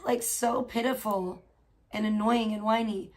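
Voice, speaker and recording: A woman's voice: a little high, steady tone, measured pace, a little hiss or hum. A woman livestreaming from home in casual chat, gossiping and swearing freely while scolding her pet cat. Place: at home indoors.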